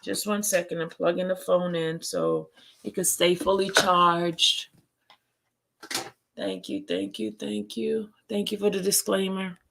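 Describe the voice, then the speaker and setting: A woman's voice: lowish voice, fairly even intonation, a little slow, vocal fry, a bit bright, a little hiss or hum. A woman hosting a live stream, chatting casually and greeting her viewers with chatty, sing-song greetings.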